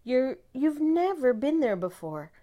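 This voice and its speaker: A woman's voice: sits high, sing-song, measured pace, muffled recording, pitched above the performer's own voice. A woman reading a patient, coaxing storybook dad. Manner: gentle, coaxing, then firm.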